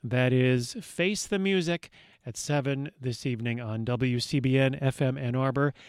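A man's voice: mid-range voice, normal speed, clear, resonant tone, dry recording. A man hosting a radio show from a studio, introducing records with wry, dry asides.

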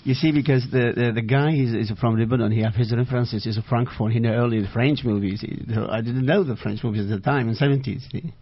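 A man being interviewed as an author, speaking halting English as a second language, with frequent restarts. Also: medium pitch, fairly even intonation, dry recording. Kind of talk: live interview conversation. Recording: dull, dry, muffled sound.

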